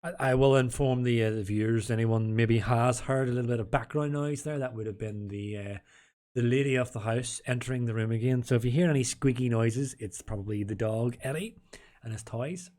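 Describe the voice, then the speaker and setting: A man's voice: medium pitch, brisk, darkish tone. Chatty tipsy man commentating a sim race. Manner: chatty, rambling, restarts and jokes. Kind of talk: casual live sim-racing commentary. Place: home room.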